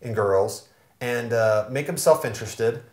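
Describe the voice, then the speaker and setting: A man, a real estate investor, giving casual, energetic business advice and telling stories. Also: mid-range voice, measured pace, echoey room. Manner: energetic, animated storytelling.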